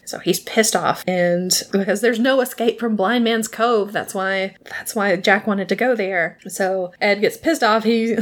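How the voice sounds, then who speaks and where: A woman casually recapping a TV episode, laughing often and acting out the characters' lines in quick bursts. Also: medium pitch.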